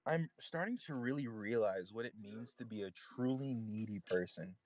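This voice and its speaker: Chatting casually on a voice call, a young man spins out a long, meandering story full of "like". His voice is fairly low and darkish, at a moderate pace. It's captured on a voice-chat mic as a dull, lo-fi, dry recording.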